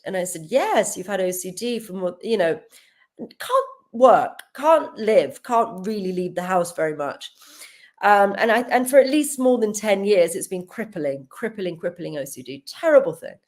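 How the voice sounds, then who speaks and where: A woman, a healer guest on a podcast, telling stories in casual chat with frequent laughs and acted-out dialogue. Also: mid-range voice. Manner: animated, laughs often, acts out quoted dialogue.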